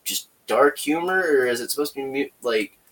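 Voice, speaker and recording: A man's voice: medium pitch, lively intonation, a bit bright, distant mic, poor audio. Rambling man retelling a movie, off-mic. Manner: rambling, retells scenes with quick put-on voices. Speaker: podcast host. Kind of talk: casual movie review chat.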